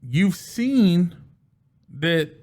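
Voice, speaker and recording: A man giving casual solo commentary as a sports fan, animated, often restarting and repeating words. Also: high-pitched, very slow.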